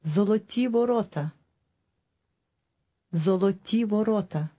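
A woman giving model phrases in a language course, with careful, deliberate pronunciation for repetition. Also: mid-range voice, mellow.

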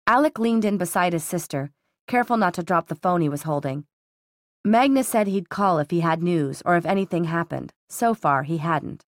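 A woman narrates an audiobook from a script in a steady, even storytelling manner. Her voice is on the low side at a moderate pace, with no room sound and clean studio audio.

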